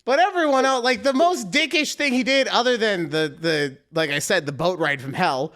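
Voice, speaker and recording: In casual podcast chat, a young co-host tells animated stories and voices the quotes himself. His voice is high-pitched and his pace moderate.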